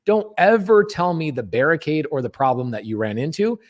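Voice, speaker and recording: A man's voice: a little high, very animated, brisk. A man hosting a podcast, telling a story in a blunt, emphatic way and swearing freely. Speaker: podcast host. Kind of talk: casual storytelling.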